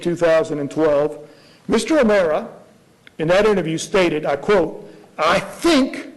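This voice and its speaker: A man's voice: sits high, rough recording. A man arguing as prosecutor in a courtroom, pressing his point with rhetorical questions. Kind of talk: courtroom argument before a judge.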